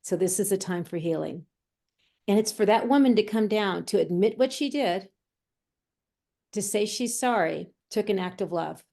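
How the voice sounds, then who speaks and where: Brief: warm, mellow woman; medium and guest, vivid storyteller who acts out quoted voices. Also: medium pitch, normal speed, gravelly. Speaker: medium and healer, interview guest. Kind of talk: conversational storytelling.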